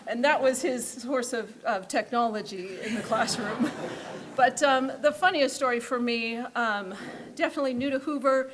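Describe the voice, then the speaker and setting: A woman's voice: fairly high pitch, fairly even intonation, normal speed, a little hiss or hum. A woman teacher sharing amused anecdotes in a memorial tribute about a colleague.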